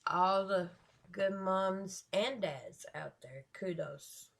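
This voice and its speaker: Slow, gravelly woman reacting. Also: medium pitch. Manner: chatty, emphatic, stretches key words. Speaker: reaction video host. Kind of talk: casual reaction commentary.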